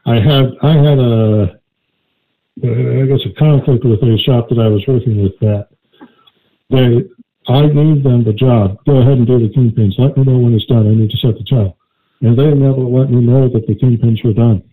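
A man co-hosting a call-in radio show, chatting casually and telling a rambling joke with many halting restarts. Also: mid-range voice, fairly even intonation. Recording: tinny phone-like line.

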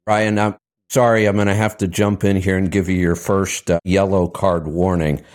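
A man's voice: deep voice, level tone, normal speed, a little mellow. A man hosting a call-in radio show, chatting casually and telling stories with mimicked voices.

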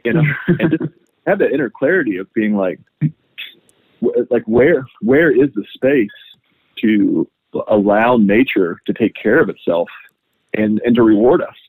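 A man's voice: medium pitch, animated, moderate pace, breathy edge, dry recording. A man, a farmer guest on a podcast, chatting casually and rambling with lots of filler words. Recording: phone-like narrow sound.

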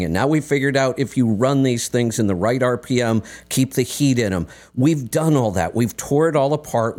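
Man, radio host, mid-pitched, emphatic, argumentative. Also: a little mellow. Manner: emphatic, argumentative, pressing his point. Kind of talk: call-in radio talk.

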